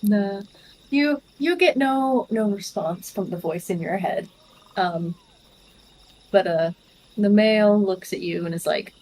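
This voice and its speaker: A woman narrating as game master in a tabletop game, unhurried and halting. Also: mid-range voice, darkish tone, low-quality recording.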